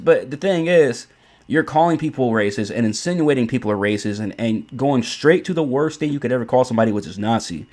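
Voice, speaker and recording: Male commentary host, mid-pitched, blunt and profane ranting delivery. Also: expressive, fairly quick. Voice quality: blunt, profane, repeats himself.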